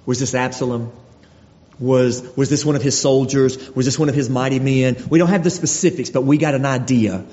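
A man preaching a sermon in an earnest way, circling back over his words and restarting sentences. His voice is dark and mellow. The recording is dull and lo-fi, with a long reverb from a church hall. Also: medium pitch, a little fast. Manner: earnest, repeats phrases, stumbles and restarts.

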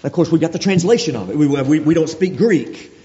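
A man's voice: fairly high pitch, animated, brisk, dark tone. A man preaching a sermon in a conversational way, often restarting his phrases. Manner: conversational, with frequent restarts and acted quotes. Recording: dull sound with long hall reverb.

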